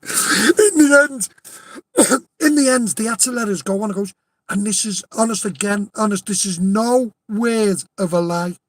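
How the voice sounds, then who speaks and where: A man's voice: high-pitched, a little slow, a little hiss or hum. A man with a Liverpool accent telling a rowdy anecdote in casual chat, swearing freely, laughing often and insisting it is true. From Liverpool, England. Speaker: storyteller.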